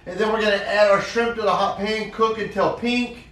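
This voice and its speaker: A man's voice: sits high, fairly even intonation, a little fast, fairly bright tone. A man chatting casually while cooking at home on a livestream, reading recipe steps aloud and teasing his partner. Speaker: home cook, show host. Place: home kitchen. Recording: echoey kitchen, distant mic, some noise.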